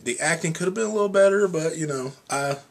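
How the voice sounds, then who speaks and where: Husky-voiced man rambling through a review. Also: on the high side, fast. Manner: rambling, filler-heavy, with many "you know" and "um". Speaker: movie reviewer. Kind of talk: casual spoken review.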